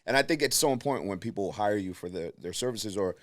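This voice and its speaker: A man hosting a podcast, chatting casually and backing up his guest with quick agreement. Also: on the low side, expressive. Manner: supportive, frequent affirmations. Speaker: podcast host. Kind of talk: casual conversation.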